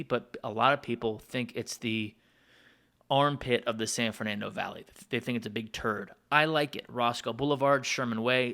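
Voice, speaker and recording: A music producer who hosts his own channel tells a long personal story in a loose, digressive monologue, turning aside to address his listeners. His voice sits at a medium pitch and sounds bright and forceful.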